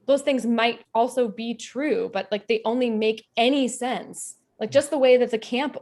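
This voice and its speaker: Casting: woman podcast co-host, gravelly fry in the voice, thoughtful delivery. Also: a little high, normal speed, darkish tone. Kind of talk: casual discussion.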